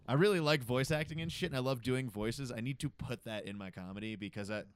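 A man's voice: medium pitch, fast, smooth, no room sound. A young man from the US East Coast, co-hosting a comedy podcast in casual, rambling banter full of swearing. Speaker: podcast co-host.

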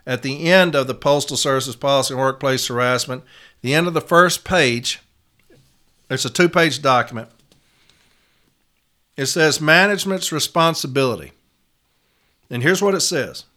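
A man's voice: medium pitch, normal speed, long pauses, sharp tone. A man giving an instructional talk as a union advocate, stressing single words and repeating them.

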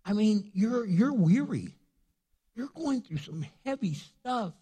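Male pastor, husky voice, animated sermon delivery, echoing church hall. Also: high-pitched, slow. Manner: animated, with joking asides and rising fervor.

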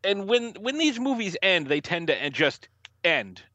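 A young man co-hosting a casual movie podcast, animated and acting out scenes in mocking voices. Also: high voice, moderate pace, dry recording. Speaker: podcast co-host. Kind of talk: casual movie review chat.

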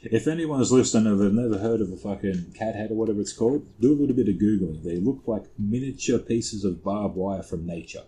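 A young Australian man with a lowish voice tells stories in loose, profane podcast chat. He is relaxed, rambles through anecdotes and curses freely as he goes. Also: a little fast, few pauses, rough recording. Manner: sweary, laid-back storyteller. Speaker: podcast co-host. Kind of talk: casual storytelling chat.

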